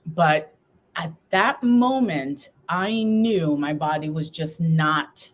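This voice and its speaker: A woman's voice: sits low, slow pace. A middle-aged woman, a guest on a live talk show, telling her personal story while trying to hold back tears.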